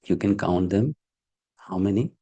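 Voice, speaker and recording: A man teaches a Sanskrit verse class online over a video call, patiently checking that students keep up with frequent "hmm?" and "okay?" questions. His deep voice is expressive, dark and slightly rough, moving at a measured pace.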